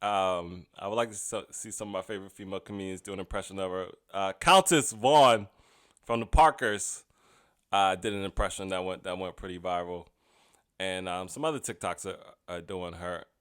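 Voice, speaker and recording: A man's voice: low voice, normal speed, a bit bright, clear, resonant tone. A comedian and podcast host giving a casual comedic monologue. He is chatty and often laughs at his own jokes.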